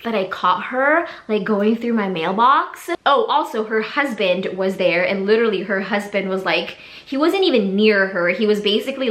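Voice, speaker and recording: A young woman telling a story to her vlog audience in a chatty, animated way, full of fillers. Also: medium pitch, reverberant. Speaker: vlogger. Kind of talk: casual storytime.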